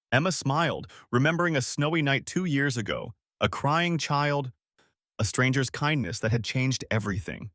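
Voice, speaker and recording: Male storyteller, smooth scripted narration; animated pitch, dry. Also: normal speed, dry recording.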